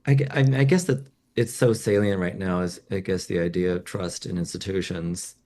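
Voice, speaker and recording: A man, a journalist being interviewed, who talks haltingly with many restarts and "you know"s. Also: sits low, fairly even intonation, darkish tone. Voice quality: scratchy voice. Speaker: journalist guest. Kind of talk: conversational interview.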